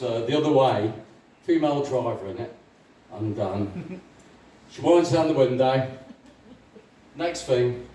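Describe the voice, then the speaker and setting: A man tells stand-up jokes in a halting, rambling way, full of ums, often laughing at his own lines. His voice is dark and mellow. It comes from across an echoey club room with faint background noise. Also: medium pitch, far from the mic. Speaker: open mic stand-up comedian. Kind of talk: rambling stand-up joke telling. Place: small comedy club stage.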